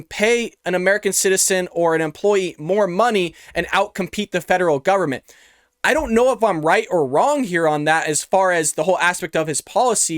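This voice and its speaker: High-voiced guy ranting opinions on his show, talks right into the mic, calls everyone folks. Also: dry recording, studio quality. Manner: opinionated, addresses viewers as folks. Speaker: show host. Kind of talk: reaction commentary. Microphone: close studio microphone.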